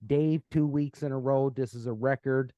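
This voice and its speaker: A man's voice: mid-range voice, steady tone, moderate pace, mellow, no room sound, muffled recording. A man hosting a podcast, chatting casually with many fillers and restarts, from Canada. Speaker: podcast host. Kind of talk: casual chat.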